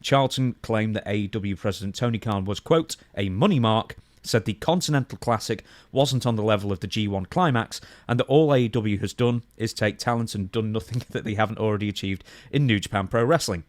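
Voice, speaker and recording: A man's voice: fairly low pitch, fairly quick, hardly any pauses, dry recording. A man co-hosting a podcast, reading news quotes aloud and then commenting on them conversationally. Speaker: podcast co-host.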